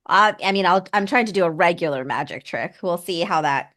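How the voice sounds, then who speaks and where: Lively, chatty woman player. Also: on the low side, fairly quick. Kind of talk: casual chat.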